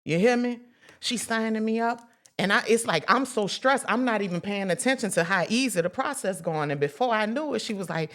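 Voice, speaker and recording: A woman's voice: mid-range voice, lively intonation, a little fast, a bit bright. A woman hosting a casual spiritual talk for her viewers, chatty and emphatic, with profanity and sudden whoops. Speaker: host.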